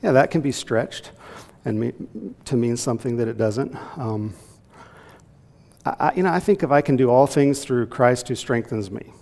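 A man's voice: mid-range voice, normal speed, creaky, a little mellow. A man teaching a Bible class to a group in a church room, talking conversationally and asking them questions. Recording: long hall reverb.

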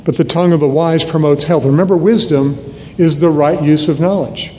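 An older man in his seventies preaches earnestly, his voice mellow and set a little high for a man. The sermon is recorded in a hall with a long, trailing reverb and faint low noise behind it. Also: fairly even intonation, a little fast. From United States (Nebraska). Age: 70s. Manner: earnest, conversational preaching with restarts.

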